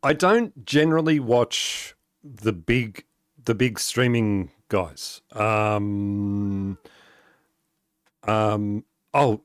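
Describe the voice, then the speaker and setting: A man's voice: on the low side, drawn-out words, clean tone, no room sound, clean studio sound. A man chatting casually on a gaming live stream, rambling with many fillers and restarts and chuckling often as he talks. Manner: chuckles often while talking.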